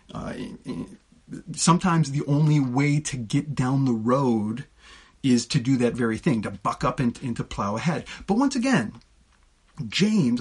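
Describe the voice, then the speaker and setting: A man's voice: mid-range voice, gravelly, breathy edge. A male preacher giving a conversational sermon with casual asides, often restarting his sentences. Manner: conversational, with frequent restarts and filler words.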